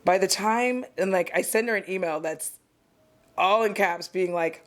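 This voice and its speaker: A woman's voice: medium pitch, normal speed, soft background music. A woman doing a casual get-ready-with-me vlog, talking in a chatty, rambling, candid, self-deprecating way while she does her makeup at home. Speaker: beauty vlogger.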